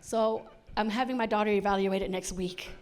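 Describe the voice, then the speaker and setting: A woman's voice: mid-range voice, steady tone, normal speed. A middle-aged woman performing a stand-up comedy set, chatty and punchy, acting out lots of quoted lines. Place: on stage at a comedy show.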